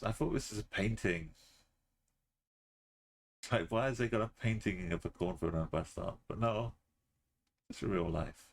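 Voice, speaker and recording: A man's voice: deep voice, moderate pace, vocal fry, long pauses. A man streaming a geography game, muttering and thinking aloud in casual commentary, sometimes humming to himself.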